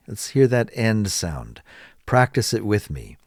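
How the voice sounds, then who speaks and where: Male teacher, lowish voice, very slow, stretched-out intonation on model phrases. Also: very animated, no room sound, clean studio sound. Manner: repeats model phrases slowly with exaggerated rising and falling intonation. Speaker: English teacher. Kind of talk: slow, deliberate spoken English lesson.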